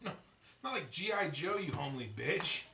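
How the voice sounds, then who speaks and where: A man hosting a podcast, telling a story in a casual, profane, animated way. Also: fairly high pitch, normal speed, slight background noise. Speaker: podcast host. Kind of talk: casual chat. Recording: echoey room, distant mic.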